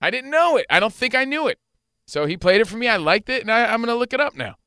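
A lively, profane man hosting a talk show, his pitch swinging widely and his tone bright and clear. He argues his point with quick, animated energy. The mic is close and dry, with no room sound. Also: dry recording. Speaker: radio show host. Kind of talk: casual talk show banter.

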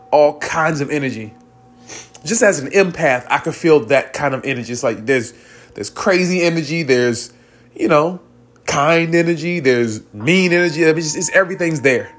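Rambling, earnest man telling a spiritual story. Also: on the high side. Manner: earnest, rambling with many restarts. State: tearful at times. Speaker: vlogger.

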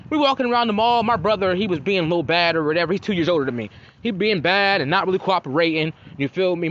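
A man in his thirties from Cincinnati, telling profane, animated stories on his podcast and acting out quotes. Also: high voice, highs cut off. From Cincinnati, Ohio. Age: 30s. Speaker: podcast host. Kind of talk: casual storytelling monologue.

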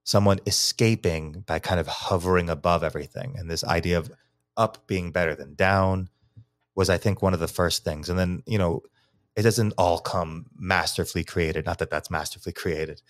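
A man's voice: deep voice, steady tone, normal speed, no room sound. A man from New York, a teacher and psychology researcher, explaining poetry as a guest in a casual podcast interview, thinking aloud with many restarts.

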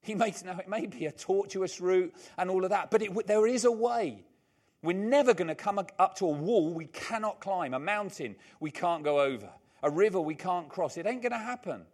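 An older male preacher whose voice sits a little high and swings widely as he leans into each point. He repeats his key phrases for emphasis and breaks off into chatty, joking asides to the congregation. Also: animated, moderate pace, hardly any pauses. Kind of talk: sermon.

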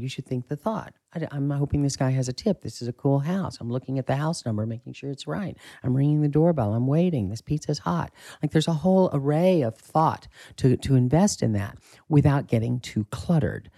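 A man with a gravelly, husky voice and a dark, mellow tone speaks as an acting coach in a relaxed interview. He is candid and emphatic, now and then swearing for emphasis. The sound is dry and close. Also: fairly high pitch, fairly quick, no echo. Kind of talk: casual interview talk.

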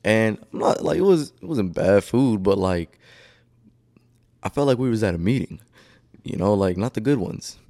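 Young male podcast host, animated storyteller, casual and profane. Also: fairly low pitch, moderate pace, pauses often. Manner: animated storytelling, heavy cursing and filler. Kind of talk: casual chat.

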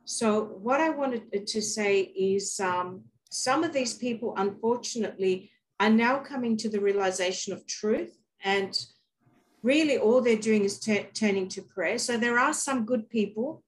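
A woman's voice: fairly high pitch, unhurried, rough recording. Chatty Australian woman telling a story. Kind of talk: casual chat.

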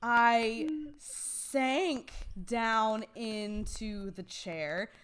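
A young adult woman on a casual movie-review podcast, telling an animated story full of fillers like "um" and "like" and frequent laughs. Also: a little high, very slow, smooth. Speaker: podcast co-host.

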